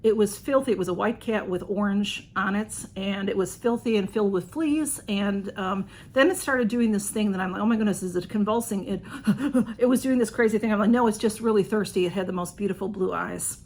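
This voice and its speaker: Excited, rambling woman storyteller. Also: mid-range voice, normal speed. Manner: excited, rambling, with many restarts and fillers. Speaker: channel host. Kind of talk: casual storytelling.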